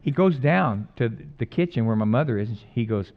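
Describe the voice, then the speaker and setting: Casting: middle-aged man, pastor, folksy storyteller, mid-pitched voice, slightly muffled recording. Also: expressive, moderate pace. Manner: folksy, jokey, swings between loud emphatic preaching and quiet asides. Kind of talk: conversational sermon with stories.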